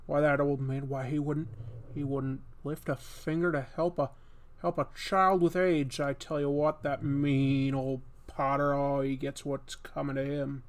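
A man putting on a folksy old-time movie hero who talks with an indignant, halting drawl and repeats his phrases. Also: mid-range voice, little pitch movement, natural voice.

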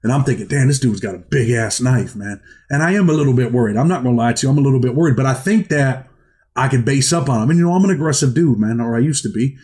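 A man's voice: mid-range voice, rapid-fire. Man telling a story in street slang. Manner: street slang, animated, acts out quotes. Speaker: host telling his prison stories. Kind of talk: casual storytelling monologue.

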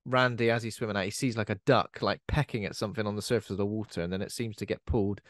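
A man's voice: fairly low pitch, fairly even intonation, quick pace, no room sound, clean studio sound. A man co-hosting a casual podcast, chattily retelling a horror film's plot with lots of fillers. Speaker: podcast co-host. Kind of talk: casual film discussion.

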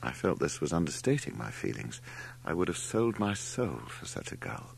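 Low gravelly guy reading an audiobook, really animated delivery. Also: moderate pace, slight background noise. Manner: expressive, wry storytelling. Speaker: audiobook narrator. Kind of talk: scripted narration.

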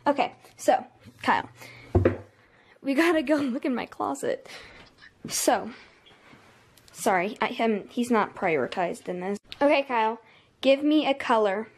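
A woman's voice: on the high side, animated, a little slow, long pauses. A woman chatting casually to her camera as a vlogger, her speech slightly altered by a dental retainer, upbeat and full of ums and little giggles. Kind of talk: casual vlog chat to camera. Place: at home by her closet.

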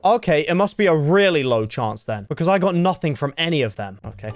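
Excitable man panicking through a game. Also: fairly high pitch, brisk, creaky, hardly any pauses, soft background music. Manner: excitable, jumping from calm remarks to panicked yelps. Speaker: gaming video host. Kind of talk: Minecraft challenge commentary.

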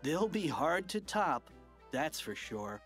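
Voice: mid-range voice, big pitch swings, takes it slowly, fairly bright tone, faint music behind. A narrator voicing a mischievous, confident schoolboy who reassures his friend. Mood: cocky.

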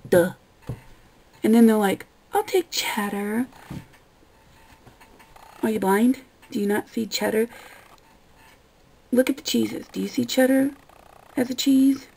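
A young woman rants about her workday in a casual vlog, exasperated and sarcastic, swearing freely. Her voice has a gravelly fry and a dark, mellow tone. She keeps slipping into mock voices to act out the customers. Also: medium pitch, measured pace, pauses often, poor audio. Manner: acts out customers in quoted voices. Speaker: vlogger. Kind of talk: casual ranting monologue.

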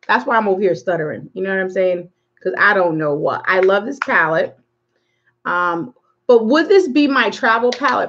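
A woman's voice: medium pitch, expressive, normal speed, fairly bright tone, highs cut off. A woman hosting a live makeup tutorial, chatting casually and rambling while she greets viewers by name. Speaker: makeup livestream host.

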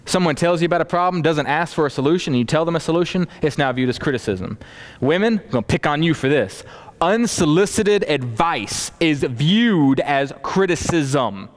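A male pastor delivering a sermon with a lively, slightly high voice that swings up and down as he preaches. He slips into acted-out snippets of everyday conversation to make his points. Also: moderate pace. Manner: animated preaching, acting out quoted dialogue.

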